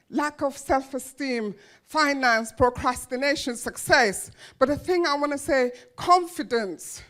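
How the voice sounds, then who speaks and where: A woman giving a motivational speech to an audience, telling her life story with emphatic, dramatic pauses and repeated phrases. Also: high-pitched, a bit bright. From grew up in a children's home. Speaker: motivational speaker.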